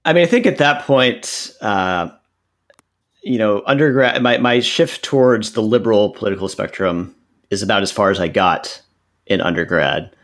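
Man, 30s, from Texas; lowish, reflective, halting interview talk. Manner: thoughtful, hesitant, many fillers and restarts. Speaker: guest. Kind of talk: casual interview conversation.

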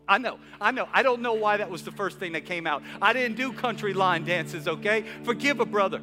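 A male pastor preaching an energetic sermon in a church, with repeated call-and-response lines. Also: high voice, brisk, few pauses. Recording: reverberant hall with faint music.

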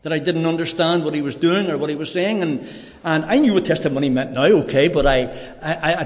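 A middle-aged man giving a personal conversion testimony, telling his story earnestly and haltingly with many restarts. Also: fairly high pitch. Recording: long hall reverb.

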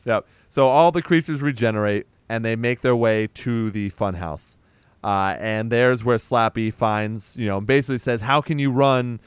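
Male podcast co-host, relaxed and profane, smooth clean voice, dry recording. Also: on the low side, moderate pace, dry recording. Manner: loose and profane, laughs while retelling scenes. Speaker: podcast co-host recapping a film. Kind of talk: casual chat.

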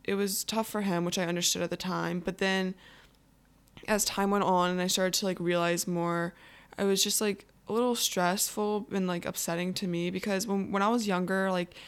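Teen girl telling a personal story, creaky. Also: lowish voice, level tone. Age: teens. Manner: halting, full of "like" and "um" fillers. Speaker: anonymous guest.

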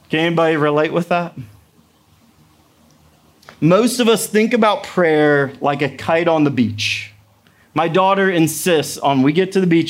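A man's voice: a little high, unhurried, pauses often. A man in his thirties, a pastor giving a sermon in a conversational, storytelling way with playful asides.

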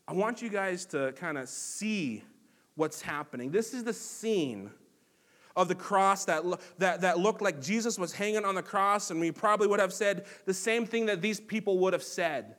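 A man's voice: sits high, expressive, moderate pace, fairly bright tone. A man preaching a sermon as pastor, earnest and conversational, with frequent fillers and restarts. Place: church sanctuary.

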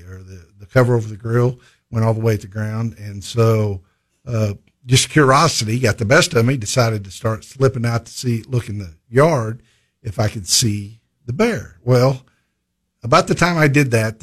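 A man from a state conservation department, speaking in a halting, conversational way with many fillers and restarts. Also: on the low side. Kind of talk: conversational interview storytelling.

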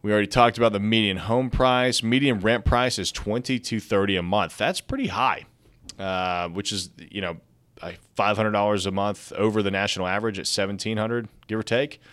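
A man's voice: fairly low pitch, fairly even intonation, normal speed, fairly bright tone. A young man hosting a casual real estate news show, reading articles aloud and breaking in with chatty asides. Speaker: podcast host. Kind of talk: casual market news commentary.

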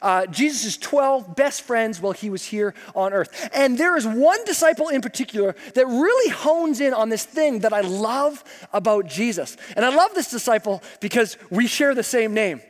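A man preaching a sermon as pastor, telling the story in a casual, humorous, animated way. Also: very high-pitched, moderate pace, hardly any pauses, big-room sound.

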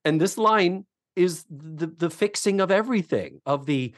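A man co-hosting a podcast, casually recapping a TV episode with animated storytelling. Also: a little high, unhurried, no room sound, studio quality. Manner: animated storytelling, acts out quotes. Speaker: podcast co-host.

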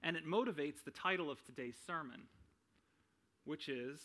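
He speaks at a moderate pace, pausing often, in a fairly bright voice on the high side. A young man, he preaches conversationally, regularly tagging lines with "right?" and adding self-deprecating humor.

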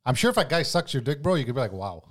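Teasing man with a lively voice. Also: medium pitch, racing. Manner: teasing, joking interjections. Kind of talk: casual chat.

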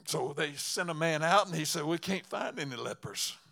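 Bright-voiced, fervent preacher man. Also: a little high, expressive, vocal fry. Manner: halting, repeats words, fervent exclamations. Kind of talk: storytelling sermon.

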